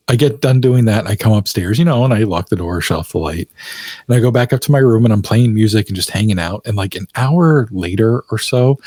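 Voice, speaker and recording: A man's voice: fairly low pitch, a little mellow, husky, no room sound. A man, a podcast guest, telling a personal story in loose, chatty speech full of fillers, often laughing. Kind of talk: casual storytelling in a podcast interview.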